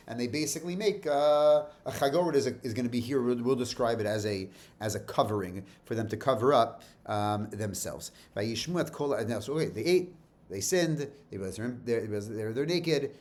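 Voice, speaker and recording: A man giving a casual Torah lesson. He reads Hebrew verses and explains each one in plain, informal English, often repeating himself. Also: mid-range voice. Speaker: teacher.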